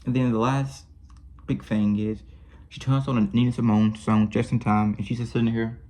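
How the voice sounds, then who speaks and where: A man's voice: medium pitch, little pitch movement, normal speed, dark tone. A man talking through a film in a casual review monologue. He gushes and rambles, often restarting and correcting himself mid-sentence. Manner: rambling and effusive, with many restarts and self-corrections.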